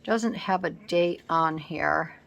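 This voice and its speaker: A woman's voice: fairly low pitch, slow pace, vocal fry, a bit bright, lo-fi sound, slight background noise. A woman talking casually at her craft table at home, thinking aloud as she works, recorded by a camera set on the table. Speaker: scrapbooking vlogger. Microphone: camera set up on the work table.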